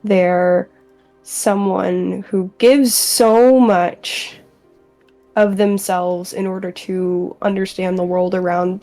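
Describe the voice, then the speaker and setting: A woman playing a tabletop game, narrating her character's feelings in a slow, hesitant and reflective way with frequent ums. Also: medium pitch, creaky, a little mellow. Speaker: player.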